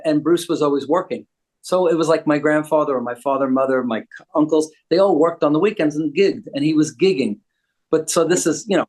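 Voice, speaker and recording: Man, older, wisecracking, casual chat, slightly high voice. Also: darkish tone. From United States. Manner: joking, wisecracking. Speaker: guest.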